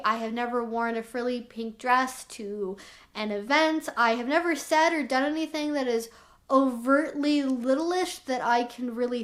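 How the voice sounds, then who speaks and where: A young woman vlogging to camera as an educator, explaining herself candidly and with lots of "like" fillers. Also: high-pitched. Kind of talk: talking to camera.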